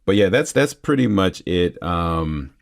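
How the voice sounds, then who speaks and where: A man's voice: sits low, expressive, a little slow, creaky. A man talking as a guest voice actor in a casual podcast interview, chatty and self-deprecating, with many fillers.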